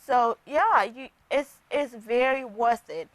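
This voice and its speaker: Higher-voiced woman guest, chatty storyteller. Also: slow, no room sound, rough recording. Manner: chatty storytelling, acts out patients' lines. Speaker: nurse practitioner guest. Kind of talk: TV interview.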